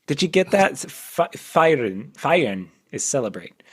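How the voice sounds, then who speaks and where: A man hosting a casual podcast, reading his own poems aloud in a halting way, self-deprecating and quick to laugh. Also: on the high side, big pitch swings, slightly rough. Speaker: podcast host.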